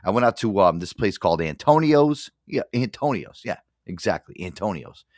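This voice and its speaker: A male radio host on a casual rant, swearing freely and stumbling over his own words. His pitch swings widely as he talks, and the sound is close and dry. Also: very animated, moderate pace, no echo. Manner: profane, rambling storyteller with many restarts.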